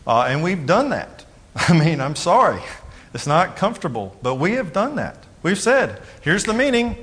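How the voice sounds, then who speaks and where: A man giving a sermon as pastor, talking in a loose, conversational way with jokes and quick acted-out voices of other people. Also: fairly high pitch, sing-song, a bit bright.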